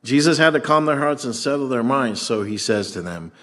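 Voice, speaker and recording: Animated male preacher giving a sermon. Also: mid-range voice, brisk, hardly any pauses. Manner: animated, acts out scripture voices, conversational fillers. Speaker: pastor.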